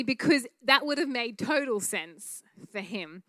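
A woman teaching a church class on prophetic prayer, speaking in an earnest, conversational way with frequent fillers and quick laughs. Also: on the high side, sharp tone, no echo.

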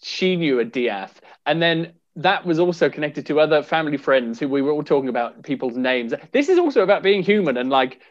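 Male co-host, jokey and teasing, bouncy lively pitch. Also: a little fast, few pauses. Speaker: podcast co-host. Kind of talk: casual chat. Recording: dull lo-fi recording.

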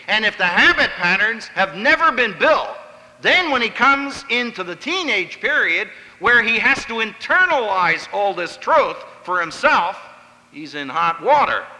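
A man's voice: on the high side, pushed and bright, long reverb tail, poor audio. A man from Pennsylvania giving an emphatic, story-filled talk on family life, acting out the voices he quotes. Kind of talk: sermon-style lecture with stories.

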